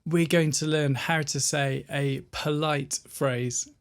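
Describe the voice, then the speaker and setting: A British man gives a pronunciation lesson, shaping each sound slowly and deliberately. His voice is gravelly and low-key, and he takes his time. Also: fairly even intonation, background noise. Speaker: pronunciation teacher.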